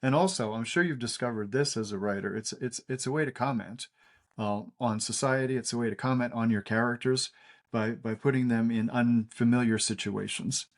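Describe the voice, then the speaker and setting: Halting older man telling stories. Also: medium pitch. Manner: halting, many fillers and restarts. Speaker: cartoonist guest. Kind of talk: casual interview storytelling.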